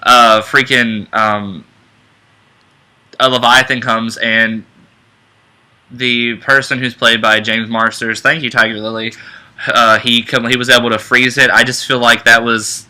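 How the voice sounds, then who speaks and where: A man's voice: mid-range voice, level tone, a little slow, pushed and bright, smooth, rough recording. A man co-hosting a casual fan chat who rambles eagerly, often restarting his sentences and losing track of his words. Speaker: co-host.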